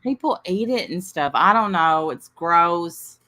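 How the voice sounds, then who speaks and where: A woman hosting a casual chat, telling a story with energy and loudly acting out what people said. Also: on the low side, a little slow. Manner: animated, acts out quoted voices loudly. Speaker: host.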